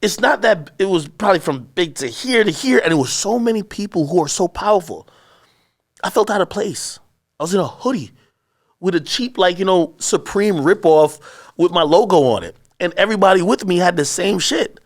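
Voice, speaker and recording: Male interview guest, lively pitch, cursing and rambling storyteller. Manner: profane, rambling, quick anecdotal storytelling. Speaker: interview guest, media personality.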